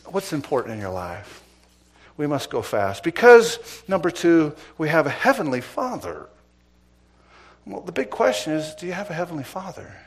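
A man's voice: fairly high pitch, big pitch swings, moderate pace, slightly rough. Middle-aged man preaching with rising emphasis. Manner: preaching with rhetorical questions and swings in loudness. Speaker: pastor. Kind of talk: sermon.

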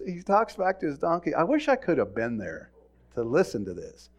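A man preaching a sermon as pastor, retelling a story with swings from hushed to loud. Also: fairly high pitch, huge pitch swings, fairly quick.

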